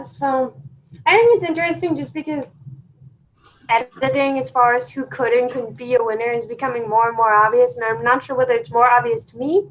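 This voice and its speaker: A young woman co-hosting a podcast, talking in a thoughtful, measured way that trails off. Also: on the high side, slight background noise, rough recording. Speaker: podcast co-host. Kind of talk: casual chat.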